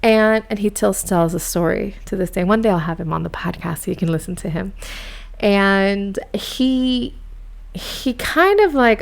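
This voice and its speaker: A woman from Miami hosting a podcast, telling a personal story in a chatty, animated, self-mocking way. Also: medium pitch, unhurried, creaky. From United States, grew up in Miami. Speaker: podcast host. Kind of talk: casual storytelling monologue.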